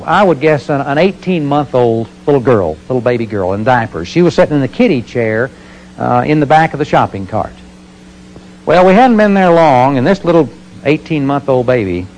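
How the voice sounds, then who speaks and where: A man's voice: fairly high pitch, a little mellow, low-quality recording. Earnest man addressing an audience. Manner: earnest storytelling with rhetorical questions. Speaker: motivational speaker. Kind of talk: talk to an audience.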